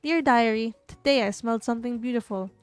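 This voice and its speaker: A woman's voice: on the high side, brisk, clear, resonant tone, no room sound, soft background music, natural voice. A woman voicing a sly rival schoolgirl in a dating game, with a coy, sugary way of talking.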